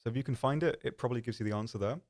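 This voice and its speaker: A man's voice: medium pitch, racing, a little mellow. A man hosting a live stream, chatting casually in a rambling, self-deprecating way with lots of ums. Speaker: stream host.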